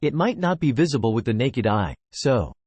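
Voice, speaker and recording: A cool young guild leader, voiced by a male narrator gives curt orders. His pitch moves a lot between phrases in this storybook reading. The sound is dry and close. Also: sing-song, moderate pace, a little mellow, no echo. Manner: curt, commanding.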